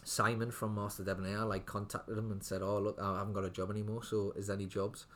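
A man's voice: lowish voice, flat delivery, quick pace, a bit bright. A young man, a restaurant owner telling his story in a casual interview, rambling with lots of fillers and restarts. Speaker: restaurant owner, podcast guest.

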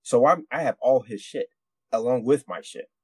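Profane rambling veteran storyteller. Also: male voice, mid-range voice, animated, normal speed, a little mellow, breathy edge, no room sound. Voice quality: rambling, profane, many restarts. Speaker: podcast co-host, military veteran. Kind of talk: casual storytelling.

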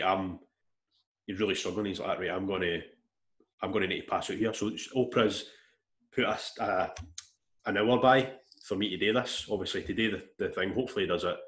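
A man telling a long story in casual chat, rambling and animated, with restarts and swearing. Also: low-pitched. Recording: echoey room.

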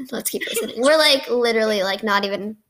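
A teenage girl co-hosting a podcast, chatting fast and giggling, with lots of "like" and fillers as she reacts to an old episode. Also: fairly high pitch, lively intonation, a bit bright. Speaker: podcast co-host.

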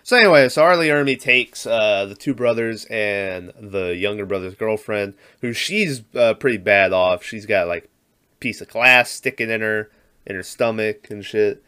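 A man's voice: lowish voice, normal speed, pushed and bright, clean tone. A man co-hosting a podcast, casually recapping a movie, rambling and laughing often. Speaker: podcast co-host.

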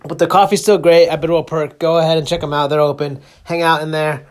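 A young man chatting alone on his podcast, loose and joking. His voice sits a little higher than most men's. He rambles, restarts his sentences and leans on fillers. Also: steady tone, quick pace. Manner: laid-back, joking. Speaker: podcast host. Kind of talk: casual solo podcast monologue.

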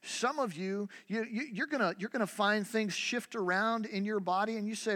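A man's voice: high voice, normal speed, a bit bright. A man preaching a sermon in a conversational way, full of rhetorical questions and restarts, in a church. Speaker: pastor. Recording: long hall reverb.

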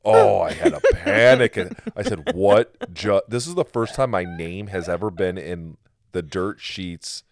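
A man hosting a casual home podcast, telling stories with swearing and animated quoted asides, recorded in a basement. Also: sits low, unhurried, gravelly, no echo, clean studio sound. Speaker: podcast host.

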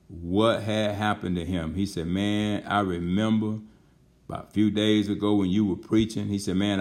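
A middle-aged male pastor telling a story in a sermon, folksy and earnest, often dropping "man" between phrases. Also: lowish voice.

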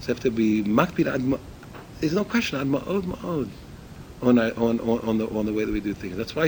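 Teaching Torah in a relaxed talk, an older man speaks a little fast at medium pitch, acting out dialogue in a raised voice and telling his stories expressively while often repeating and restarting phrases. Slight background noise marks a rough recording.

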